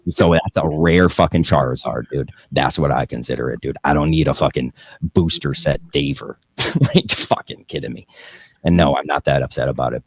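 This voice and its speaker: A man's voice: very deep voice, a little mellow, husky, no echo. A young man hosting a podcast, talking casually, profanely and in a rambling way, often laughing. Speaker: podcast host.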